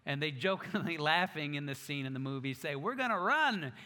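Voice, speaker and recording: A male pastor preaching in a bright, somewhat high voice. He tells stories with animated energy and drops self-mocking jokes along the way. His voice carries a long reverb, as if recorded in a large church hall. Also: brisk. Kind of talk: sermon.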